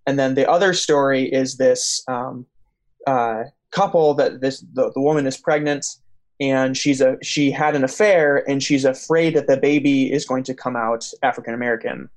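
A young man hosting a faith podcast, speaking in a relaxed, conversational way. He wanders through his story with a lot of "um"s and restarts, at a middling pitch. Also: normal speed. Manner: rambling storyteller with many fillers and restarts. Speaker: podcast host. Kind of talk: casual chat.

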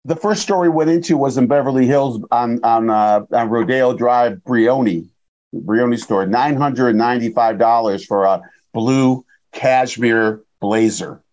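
A man's voice: mid-range voice, a little slow, a little mellow, dull audio. A man in his sixties hosting a casual interview, telling stories and often tagging them with "right?". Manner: storytelling, frequent tag questions. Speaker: podcast host and chiropractor.

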